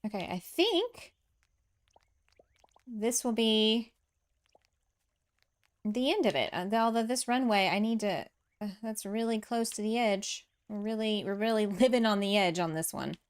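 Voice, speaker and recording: A woman's voice: mid-range voice, measured pace, long pauses, clean tone. A woman streamer chatting casually with her viewers as she builds in a farming game, reading their comments aloud, laughing often and poking fun at herself. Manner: chatty, self-deprecating, laughs often, reads and answers chat aloud. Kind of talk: casual livestream chat while building. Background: soft game music.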